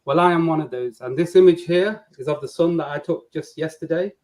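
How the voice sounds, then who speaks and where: A man with a Nottingham English accent explaining his views at length, steady and earnest. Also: a little high, a little fast, rough recording. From England. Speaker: guest.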